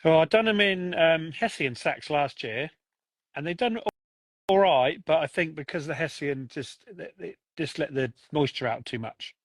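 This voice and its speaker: A man's voice: a little high, normal speed, dry recording. Chatty man hosting a podcast. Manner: chatty, enthusiastic, laughs easily. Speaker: podcast host. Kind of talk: casual chat.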